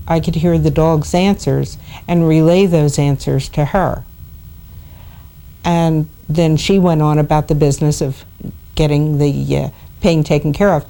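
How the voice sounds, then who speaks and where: Low, mellow-voiced woman animal communicator. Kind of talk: documentary interview storytelling.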